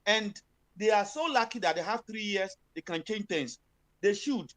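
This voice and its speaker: With a Ghanaian accent and a mid-range, slightly bright voice, this speaker delivers fiery political commentary at a moderate pace. The delivery is expressive, moving between Twi and English, full of fillers and emphatic outbursts.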